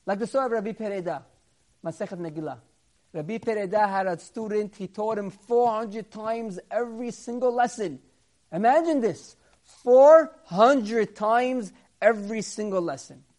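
Animated man teaching a Torah class. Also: normal speed. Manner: acts out quoted characters, rising louder and higher for them; drops to a quiet, low aside when explaining.

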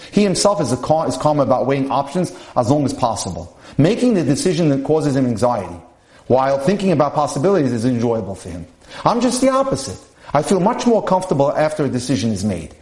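A man with a slightly high voice reads relationship case studies aloud for a podcast. He keeps a steady, measured pace and now and then turns to address his listeners directly. The room around him has a noticeable echo. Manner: measured reading with asides to listeners. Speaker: podcast speaker on dating and marriage.

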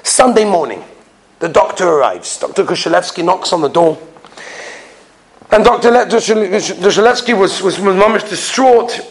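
A man's voice: sits high, animated, normal speed. A man who is a rabbi, telling stories in a sermon. He acts out the people in his stories and repeats phrases for emphasis. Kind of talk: storytelling sermon.

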